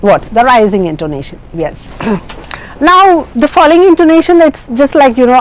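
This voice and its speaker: A woman's voice: fairly high pitch, sing-song, moderate pace, poor audio. A woman with an Indian English accent, teaching an IELTS speaking lesson in an explanatory way, with many fillers and restarts. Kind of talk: classroom lecture.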